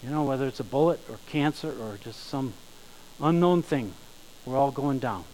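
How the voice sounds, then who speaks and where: A man preaching a sermon, emphatic, slowing down and rising in volume on key phrases. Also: medium pitch, lively intonation, a little mellow, slight background noise, low-quality recording. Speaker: pastor.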